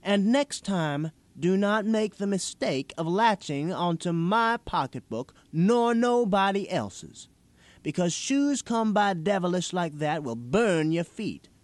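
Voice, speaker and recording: A man's voice: sits high, animated, slow, no echo, voice pushed up. A man reading a story aloud and voicing a large, stern but kindly older woman who scolds a boy firmly yet with care. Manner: firm, scolding yet caring.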